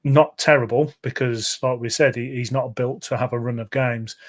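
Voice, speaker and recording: A man's voice: medium pitch, steady tone, moderate pace. Chatty man talking football. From English Midlands. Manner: chatty, rambling with fillers and restarts. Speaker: podcast co-host. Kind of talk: casual football chat.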